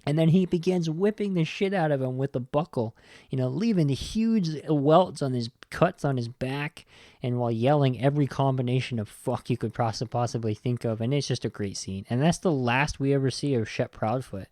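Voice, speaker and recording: Podcast host man, mid-pitch, retelling movie scenes loosely, lots of likes, dry close sound. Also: normal speed, mellow, dry recording. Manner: rambling, loose, full of "like" and "you know". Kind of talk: casual movie recap.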